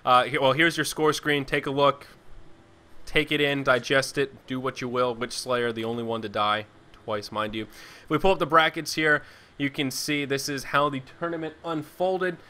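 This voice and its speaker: A man's voice: mid-range voice, steady tone, moderate pace, pushed and bright. A man casting an online game match, joking and chatty between calls of the action. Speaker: esports caster. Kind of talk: play-by-play game commentary.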